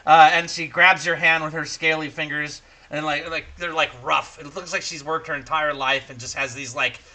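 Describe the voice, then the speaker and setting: A young man narrating a tabletop game as game master, in a casual, profane, animated way. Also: a little high, moderate pace.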